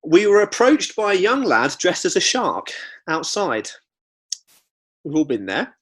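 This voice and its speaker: A young man with a bright, clear tone and a somewhat high voice co-hosts a comedy podcast. He chats casually and reads reviews out loud, breaking off for quick joking asides. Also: huge pitch swings. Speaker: podcast co-host.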